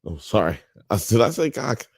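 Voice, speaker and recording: A man's voice: fairly low pitch, big pitch swings, moderate pace, vocal fry, no echo, clean studio sound. A man hosting a podcast live stream, chatting casually in a profane, joking, rambling way. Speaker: podcast host.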